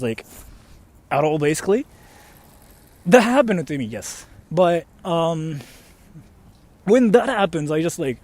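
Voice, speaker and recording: A young man chatting casually on a livestream, reading out donations and rambling with lots of fillers and mild swearing. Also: a little high. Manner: animated, rambling, swears mildly, many fillers.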